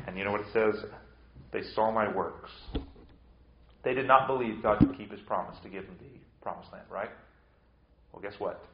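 A man's voice: lowish voice, normal speed, pauses often. A man preaching a verse-by-verse sermon, repeating rhetorical questions to drive his point home. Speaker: pastor. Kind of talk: expository sermon. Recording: echoey hall, dull lo-fi sound.

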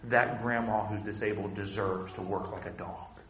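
A man's voice: lowish voice, fairly even intonation, normal speed, echoey room, crowd noise, voice pushed down, natural voice. A man voicing a hateful ancient man who refuses any pity, speaking with defiant emphasis.

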